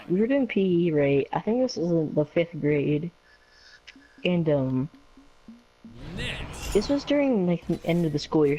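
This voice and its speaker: A man's voice: on the high side, mellow. Rambling man telling a story, noisy recording. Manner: rambling, filler-heavy with lots of "like" and "um". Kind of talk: casual personal storytelling.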